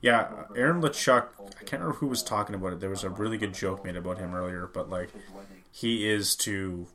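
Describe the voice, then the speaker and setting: A man with a bright, fairly low voice co-hosts a casual sports show. He talks in an easygoing way, trips over his starts and slips in dry jokes. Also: brisk. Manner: laid-back, wry asides, hesitant restarts. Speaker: podcast co-host.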